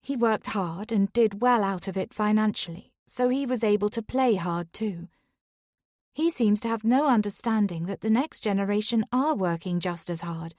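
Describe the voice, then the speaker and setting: A woman's voice: mid-range voice, darkish tone, dry recording, clean studio sound. Woman narrating a thriller audiobook. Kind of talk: first-person audiobook narration.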